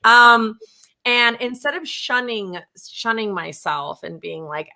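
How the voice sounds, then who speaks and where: A woman hosting a podcast, telling a personal story in a casual, animated way and laughing often. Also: on the high side, takes it slowly. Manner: animated, laughing, acts out her own inner dialogue. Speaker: podcast host.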